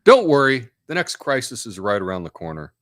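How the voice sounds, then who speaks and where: A man's voice: medium pitch, big pitch swings, brisk, fairly bright tone, no room sound, clean studio sound. A man hosting a casual live stream, rambling in an offhand way and reading out chat comments.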